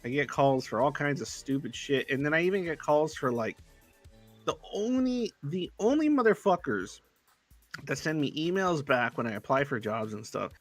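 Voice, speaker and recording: A man's voice: a little high, big pitch swings, normal speed, soft background music. A young man ranting in casual livestream chat, swearing heavily and sounding exasperated. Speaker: livestream co-host.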